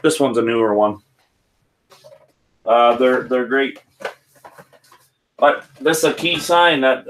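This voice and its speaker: A man's voice: mid-range voice, a little hiss or hum. Rambling man hosting a whisky livestream. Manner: rambling, chatty, addresses chat viewers by name. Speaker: livestream host. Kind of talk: casual live-stream chat with viewers.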